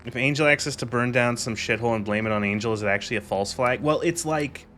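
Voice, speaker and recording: A man's voice: medium pitch, fast talker, fairly bright tone, slight background noise. A man streaming a game and commenting casually, rambling, laughing often and swearing.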